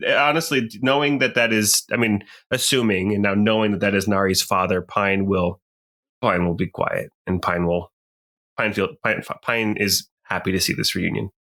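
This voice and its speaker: A man's voice: fairly low pitch, steady tone, moderate pace, sharp tone. A man playing a tabletop game, chatting in a jokey way about his character. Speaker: player.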